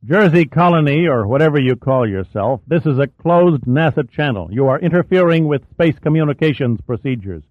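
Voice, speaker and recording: A man's voice: a little high, animated, moderate pace, hardly any pauses, no room sound, voice pushed up, close to an everyday voice. A man voicing an angry space station commander. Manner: clipped, forceful, rising to anger. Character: tense, exasperated male space station commander. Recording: dry, thin phone-like audio.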